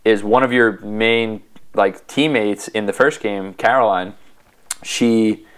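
A man's voice: lowish voice, fairly even intonation, a bit bright, smooth. A man in casual chat, telling a video game's story with enthusiasm and acting out characters' lines. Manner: enthusiastic storytelling, acts out lines in quick voices.

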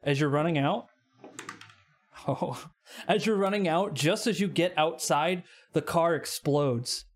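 A man's voice: fairly high pitch, takes it slowly. A man narrating a tabletop game as game master, casual and often laughing.

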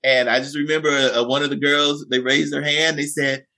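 A man with a bright, forceful voice, pitched a little high for a man, spinning a classroom anecdote with lively energy. He is a teacher and podcast guest who acts out the voices in his story. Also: moderate pace. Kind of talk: animated storytelling in conversation.

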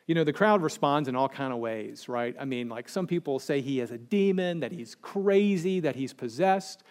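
A male pastor preaching a sermon, animated, dropping to slow and hushed when he quotes scripture. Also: mid-range voice.

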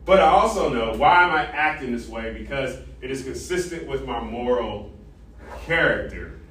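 A man lecturing an ethics class, animated and interactive, quizzing students and tagging sentences with "right?". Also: mid-range voice, moderate pace, recorded from a distance. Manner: animated, asks the class questions, frequent "right?". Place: large echoey classroom. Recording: echoey classroom recorded from afar.

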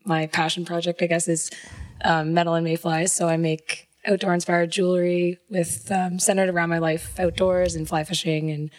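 A woman from Cape Breton talks casually as a podcast guest. Her voice sits a little low, and she sounds relaxed and matter-of-fact. The recording is dry and close. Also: normal speed, dry recording. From Cape Breton, Canada. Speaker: podcast guest, jewelry maker and fly fishing guide. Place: room in a big old house.

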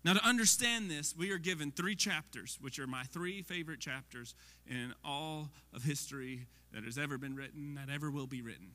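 A man preaching a sermon in a lively, conversational way, often asking the audience questions. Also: on the high side, fairly quick. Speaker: pastor. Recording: long hall reverb.

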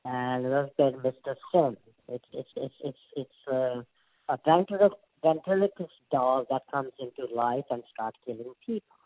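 An older man from India speaks with an Indian accent, spinning long stories about his acting career and stumbling over repeated words as he goes. His voice comes through a dry, narrow, phone-like line. He sits at a middling pitch for a man. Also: normal speed, no echo. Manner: rambling, stammering restarts, animated anecdotes. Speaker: guest actor. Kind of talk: casual interview storytelling.

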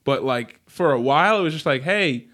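A man's voice: mid-range voice, brisk. A man co-hosting a podcast, chatting casually and rambling with frequent laughs. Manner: rambling, animated, laughs often. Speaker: podcast co-host. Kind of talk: casual chat.

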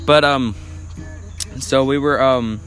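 A man's voice: mid-range voice, fairly even intonation, takes it slowly, fairly bright tone, faint music behind, poor audio. A young adult man, a podcast guest, rambling through a story in casual chat with many fillers.

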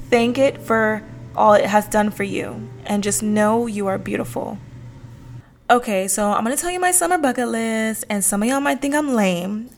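A young woman hosting her own podcast, chatting casually and upbeat with slangy asides to her listeners. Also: fairly high pitch. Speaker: podcast host. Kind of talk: casual solo podcast chat.

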